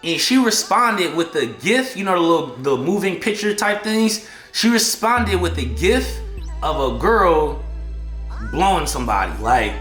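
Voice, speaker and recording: A man vlogging an excitable storytime in heavy slang, acting out what people said. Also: fairly high pitch, unhurried. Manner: slangy, excitable, acts out quotes. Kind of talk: animated storytime. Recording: echoey room, faint music behind.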